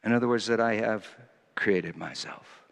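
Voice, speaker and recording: A man preaching a sermon, swinging from quiet musing to loud, emphatic scripture reading. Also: fairly low pitch, moderate pace, gravelly. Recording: long hall reverb.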